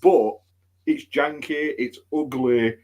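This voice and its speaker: A man co-hosting a gaming podcast, excitable and tripping over his words in casual banter. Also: medium pitch, slow. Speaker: podcast co-host.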